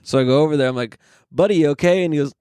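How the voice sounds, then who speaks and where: A man's voice: fairly high pitch, rapid-fire, mellow, clear, resonant tone, no echo. Podcast co-host, young adult man, rambling anecdote teller, dry studio mic. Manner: rambling storyteller, laughs mid-sentence, swears. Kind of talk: casual chat.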